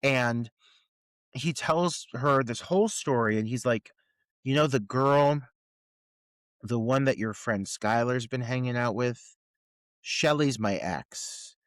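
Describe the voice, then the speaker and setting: Co-hosting a horror movie podcast, a man picks apart plot holes in an incredulous, profane rant during a casual review chat. He speaks slowly in a mid-range voice that's a bit bright, pausing often, with no room sound.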